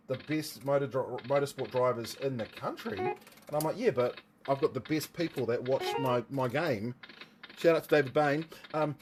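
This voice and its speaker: Kiwi guy rambling on a live stream, jokey asides, bit of hiss in the background. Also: medium pitch. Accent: New Zealand. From New Zealand. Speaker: livestream host and motorsport commentator. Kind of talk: casual livestream chat.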